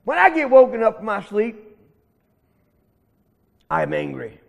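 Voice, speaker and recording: A man's voice: high-pitched, very animated, measured pace, creaky, exaggerated voice. Man doing a vain bully alligator. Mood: menacing. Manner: blustering, menacing. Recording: echoey hall reverb.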